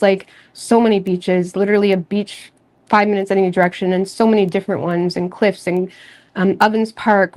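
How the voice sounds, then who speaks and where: A woman from Nova Scotia, Canada, hosting a tarot channel, chatting casually and candidly with viewers in a rambling way, full of fillers and soft laughs. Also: medium pitch. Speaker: tarot reader and channel host. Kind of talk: casual livestream chat.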